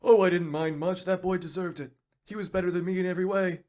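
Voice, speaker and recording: Man doing a higher, folksy old war-veteran gun, grandfatherly, comedy skit. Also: steady tone, fast talker, a little mellow, close to an everyday voice.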